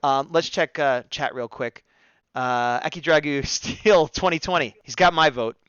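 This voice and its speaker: A man's voice: a little high, measured pace, a bit bright, clear, resonant tone, dry recording, highs cut off. A man co-hosting a casual live-stream discussion, chatting, reading viewer comments aloud and laughing often. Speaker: co-host of a fan discussion stream.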